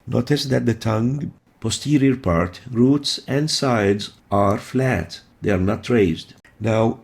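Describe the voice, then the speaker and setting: A man teaching pronunciation in a lesson, explaining each sound slowly and repeating it in drills. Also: medium pitch, vocal fry, a little mellow.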